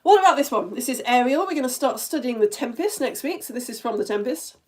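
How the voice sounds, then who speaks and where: A woman's voice: high voice, lively intonation, quick pace, a little mellow. A woman teaching a live online lesson for all ages in a chatty, playful way, tapping out rhythms as she talks.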